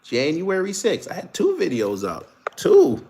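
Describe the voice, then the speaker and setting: A young man hosting casual political commentary, talking in a sarcastic, animated way and laughing often. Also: high-pitched, a little slow.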